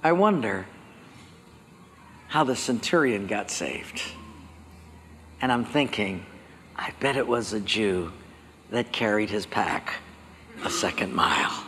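A male pastor preaching a sermon, telling stories with lively acted-out dialogue. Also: fairly low pitch, takes it slowly, long pauses. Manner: animated storytelling, acting out dialogue. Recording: long hall reverb.

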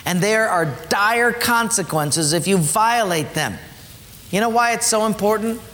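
A man preaching a sermon, emphatic, dropping his voice low to drive his points home. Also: measured pace, sharp tone. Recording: echoey hall, faint ambience.

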